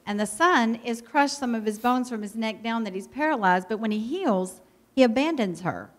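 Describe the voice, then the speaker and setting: A middle-aged woman, a missionary pastor's wife, telling a lively, heartfelt story to a church. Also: fairly high pitch, moderate pace. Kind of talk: personal testimony to a church.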